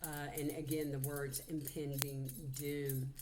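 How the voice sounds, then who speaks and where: A woman's voice: very deep voice, flat delivery, unhurried, background noise. A woman, giving a heartfelt channeled psychic reading. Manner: heartfelt, earnest, relays messages.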